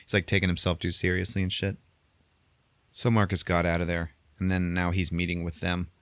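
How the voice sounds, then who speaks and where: Low-voiced, foul-mouthed man recapping a movie. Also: flat delivery, fairly quick, a bit bright, smooth, no echo. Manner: profane, laughing storyteller. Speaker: podcast host. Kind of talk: crude comedic movie recap.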